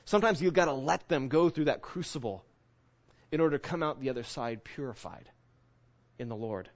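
A male pastor preaching an earnest sermon, often checking in with "right?" and slowing down to sink low on key phrases. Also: expressive, dull audio. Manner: earnest, often asks 'right?'.

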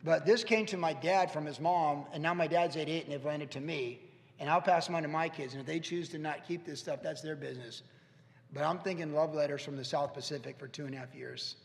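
Gravelly-voiced pastor preaching in a hall. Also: male voice, on the high side. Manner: earnest, storytelling, pauses and restarts. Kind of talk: conversational sermon. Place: church sanctuary. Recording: echoey church hall.

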